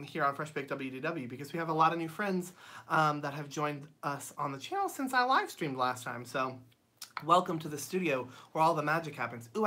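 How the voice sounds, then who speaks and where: A woman hosting a livestream from her home studio, greeting viewers by name in a chatty way with lots of ums. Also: sits low. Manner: chatty, reads viewer comments aloud; frequent ums and bright laughs. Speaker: channel host. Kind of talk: casual livestream chat.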